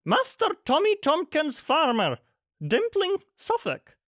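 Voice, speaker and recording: A man voicing an excited, fussy woman nanny in a storybook reading, in a shrill, breathless manner. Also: slow, no echo, studio quality, heavily acted.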